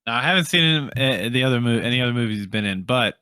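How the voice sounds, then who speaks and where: A man co-hosting a film podcast, talking casually in a halting way, often searching for words. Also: mid-range voice, expressive, sharp tone, smooth, no room sound, clean studio sound. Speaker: podcast co-host.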